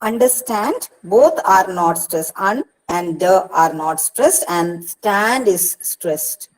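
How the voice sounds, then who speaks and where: A woman's voice: on the low side, animated, slow, low-quality recording. A woman with an Indian English accent, teaching as a university counsellor in an online lecture, patient, repeating words and breaking them into syllables. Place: Kerala, India regional study centre session.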